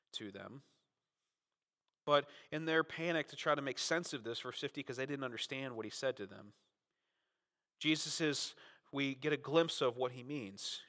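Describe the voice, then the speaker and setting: A male pastor preaches in a conversational way, tossing in "right?" and leaning hard into the quotes he acts out. His voice sits a little high and rings bright. A long reverb trails after him, as in a large church sanctuary. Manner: conversational, often adds "right?"; dramatizes quotes with big swings in loudness. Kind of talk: sermon.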